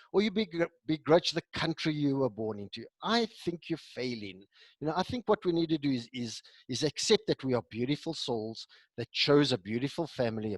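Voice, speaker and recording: A man's voice: mid-range voice, dry recording. A man from South Africa giving a recorded motivational talk, enthusiastic and full of repeated rhetorical questions. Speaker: motivational speaker. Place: home during lockdown.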